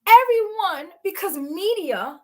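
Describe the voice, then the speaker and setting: Blunt, emphatic woman with a high voice. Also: animated, slow. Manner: blunt and emphatic, acts out quoted exchanges. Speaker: guest. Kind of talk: animated storytelling.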